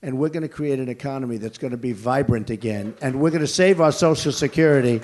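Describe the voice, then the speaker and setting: A man's voice: medium pitch, fast talker, darkish tone. An older man giving a campaign rally speech and taking questions, talking in a blunt, repetitive, rambling way with emphatic asides. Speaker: political candidate.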